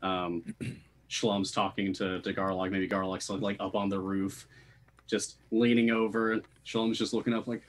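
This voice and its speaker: A man narrating as game master of a tabletop game, lively, laughing often and filling pauses with "uh". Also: fairly low pitch.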